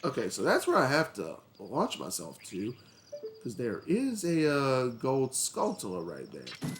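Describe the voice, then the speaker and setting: A man's voice: medium pitch, huge pitch swings, unhurried, slight background noise. A man hosting a let's play, chatting casually and telling a story while he plays. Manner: chatty, tells an anecdote between game moves. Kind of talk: casual gameplay commentary with storytelling.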